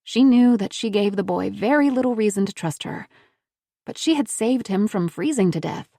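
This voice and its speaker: A woman narrating a thriller audiobook in a measured, even storytelling manner. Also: mid-range voice, no room sound, studio quality.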